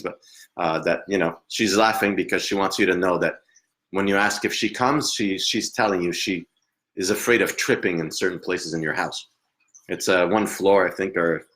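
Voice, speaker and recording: A man working as a psychic medium, giving a live reading in a hesitant, halting way with frequent laughs. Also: low voice, fairly bright tone.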